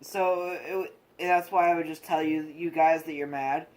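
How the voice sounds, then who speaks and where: A young man in casual chat, talking haltingly and searching for words, with many restarts as he explains his own experience. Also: a little high, steady tone, a little mellow, poor audio. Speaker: co-host sharing his experience with autism.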